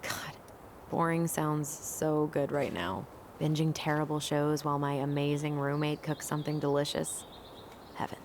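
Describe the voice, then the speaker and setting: A woman's voice: sits low, normal speed, a little mellow, slight background noise. An actress playing a weary young woman in a video game, speaking in a dry, sardonic way. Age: young adult. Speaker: game character.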